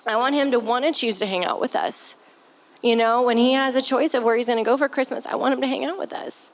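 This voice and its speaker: A woman's voice: fairly high pitch, fast talker, rough recording. A woman in her thirties speaking candidly as a stepmother on a podcast, heartfelt and close to tears, with sighs and the odd swear word. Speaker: stepmother guest on a family podcast. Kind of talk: candid conversational talk.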